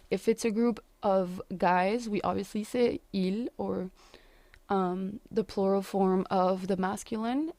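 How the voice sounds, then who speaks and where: A young woman teaching French words in English, repeating each phrase slowly and carefully. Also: mid-range voice, warm tone, dry recording. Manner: slow, careful pronunciation drills. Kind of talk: language lesson.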